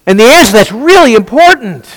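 Male Bible teacher with a very high, animated voice, fond of rhetorical questions and quick restarts. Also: long reverb tail, slight background noise, poor audio. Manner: rhetorical questions, answered at once; frequent restarts and repeated words.

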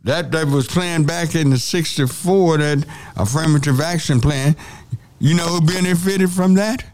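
Argumentative radio host. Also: male voice, a little high, measured pace, darkish tone, slight background noise. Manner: argumentative, insistent, repeats phrases. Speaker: radio call-in show host. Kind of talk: call-in radio talk.

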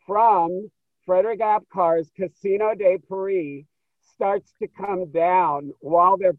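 Guy on a phone line telling backstage stories, kinda high voice, acts out all the quotes, dry thin sound. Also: dry recording. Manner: animated, acts out quoted dialogue. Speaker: interview guest, show producer. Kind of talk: storytelling interview.

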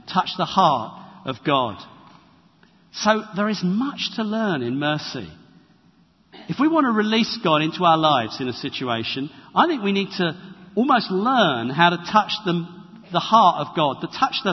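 A man preaching a sermon in a conversational, animated way and acting out the quotes he tells. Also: on the high side, husky. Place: church hall. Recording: reverberant, dull lo-fi church recording.

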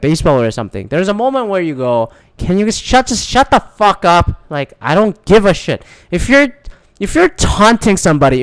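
A man's voice: a little high, clear, resonant tone, no echo. A man ranting casually about a live wrestling show, swearing often and acting out what people said. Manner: animated, swears a lot, acts out quotes. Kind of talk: casual profane rant.

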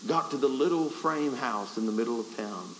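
A man's voice: medium pitch, animated, normal speed. A man preaching at a revival, telling a folksy, self-deprecating story with stammering restarts. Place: revival service hall. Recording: echoey hall with faint hiss.

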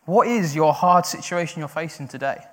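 A man's voice: fairly high pitch, normal speed. Man preaching in a reverberant church hall. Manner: builds to loud cries when quoting, then drops quiet and conversational. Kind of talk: sermon.

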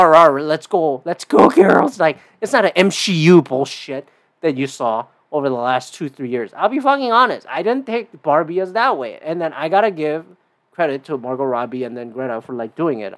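A man hosting his own podcast alone, talking casually in a rambling, profane way with lots of fillers and big jumps in pitch. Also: animated, a little fast. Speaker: podcast host. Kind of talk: casual solo podcast monologue.

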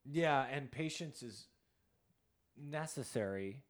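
A woman hosting a casual interview chat, relaxed and affirming, with quick pop-culture references. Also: very deep voice.

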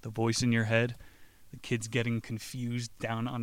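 A man's voice: mid-range voice, completely flat delivery, normal speed, clean tone, no room sound. A man hosting a podcast, talking in a blunt, casual way and swearing offhandedly. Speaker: podcast host. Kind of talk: casual chat.

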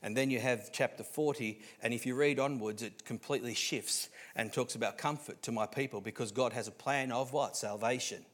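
A man with an Australian accent preaching a sermon as pastor, swinging between hushed lines and loud, emphatic ones, often restarting his words. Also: medium pitch, brisk, few pauses. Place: church.

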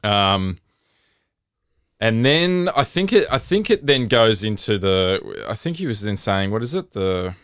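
Dry-witted man, smooth voice. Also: on the low side, sing-song, a little slow, a bit bright, dry recording. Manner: dry wisecracking, lots of fillers. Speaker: podcast co-host. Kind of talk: casual chat.

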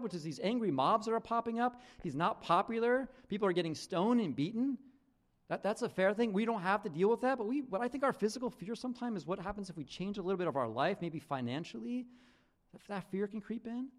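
A middle-aged man preaching a conversational sermon as pastor, with frequent restarts and "right?" asides. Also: high voice.

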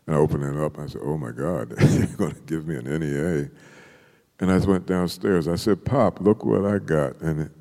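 Brief: older male poet, very low and mellow, animated storyteller, long hall reverb. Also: moderate pace, gravelly. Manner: animated storyteller, acts out quotes with laughter. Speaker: poet, interview guest. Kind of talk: storytelling in an interview.

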